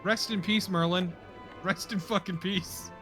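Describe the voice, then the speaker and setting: A man on a game stream, chatting casually with quick reactive quips. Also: sits high, fairly even intonation, over music.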